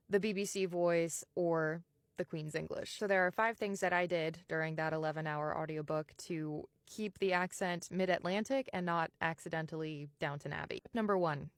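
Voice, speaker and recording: A woman with a General American accent, an audiobook narrator, explaining and slowly sounding out vowels in a casual tutorial. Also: lowish voice, no room sound, clean studio sound.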